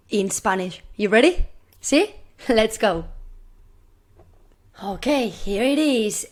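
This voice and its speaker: A woman teaching a recorded classroom lesson, encouraging her pupils and repeating phrases slowly so they can echo them. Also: fairly high pitch. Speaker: primary Spanish teacher.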